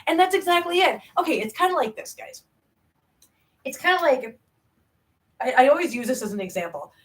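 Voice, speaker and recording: A woman's voice: sits high, rough recording. A woman, chatting casually with viewers on her livestream, rambling and self-deprecating. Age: 40s. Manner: animated, rambling, self-deprecating, quick bursts. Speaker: channel host. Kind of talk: casual livestream chat reading comments.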